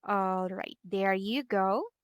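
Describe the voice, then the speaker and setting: A woman teaching a one-on-one online English lesson, patient and encouraging, pausing to type corrections as she talks. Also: mid-range voice, clear, resonant tone, no room sound.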